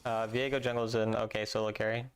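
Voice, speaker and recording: A man's voice: lowish voice, little pitch movement, quick pace, smooth. Sarcastic young man streaming games. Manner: dry, sarcastic, answers chat with slang. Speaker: livestreamer playing a mobile game. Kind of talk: casual stream chat.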